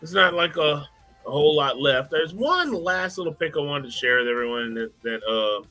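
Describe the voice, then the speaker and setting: A man's voice: a little high, very animated, normal speed, bright, forceful tone, faint music behind. A man co-hosting a livestream, chatting casually and rambling with many uhs and repeated words. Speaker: co-host sharing his screen.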